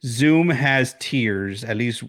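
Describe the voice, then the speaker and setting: A man co-hosting a casual film podcast from home, telling the story with lively acted-out reactions and frequent swearing. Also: medium pitch, very slow. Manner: animated storyteller, swears freely, acts out reactions. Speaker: podcast co-host. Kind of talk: casual movie-discussion chat. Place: home, recording remotely.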